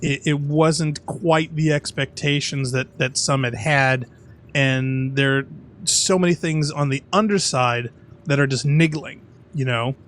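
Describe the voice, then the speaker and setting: A man's voice: mid-range voice, a little slow, fairly bright tone, slight background noise. A man co-hosting a game playthrough podcast, chatting casually and rambling with repeated words and frequent laughs. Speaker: let's play podcast co-host. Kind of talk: casual gaming commentary chat.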